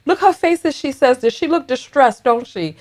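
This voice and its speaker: Woman reaction host, high voice, sassy and blunt comebacks. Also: normal speed. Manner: sassy, blunt, animated retorts. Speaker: reaction commentator. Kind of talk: reaction commentary on a video.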